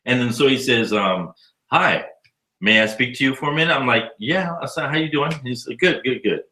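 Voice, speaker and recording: A man in his fifties, an educator living abroad, telling stories in a casual, profane, animated way during an interview. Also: medium pitch, normal speed, echoey room, rough recording. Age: 50s. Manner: animated, profane storyteller acting out dialogue.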